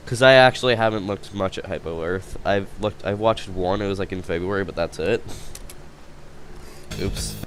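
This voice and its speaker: A man's voice: sits low, normal speed, a bit bright, a little hiss or hum. A man casually chatting as he reacts to videos, rambling and laughing often as he thinks aloud. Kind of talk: casual chat.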